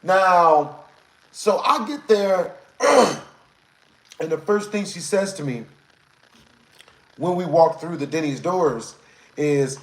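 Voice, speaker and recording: A man's voice: fairly high pitch, lively intonation, slow, pauses often, reverberant, rough recording. A man streaming live, telling a rambling story in casual slang to his chat and repeating "you know what I'm saying".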